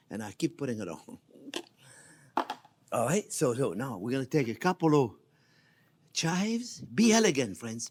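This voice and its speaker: A man hosting a cooking show, effusive and crooning over his food in a casual demonstration. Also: fairly high pitch. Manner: often drops to soft murmurs over the dish.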